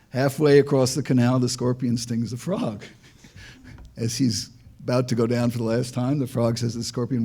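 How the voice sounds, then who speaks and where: Older male ex-diplomat on a panel, warm mellow tone, wry storyteller who trips over his own words. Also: mid-range voice, fairly even intonation, normal speed. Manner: dry joking, tells anecdotes, frequent restarts. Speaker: panel speaker, former diplomat. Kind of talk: public talk at an institute.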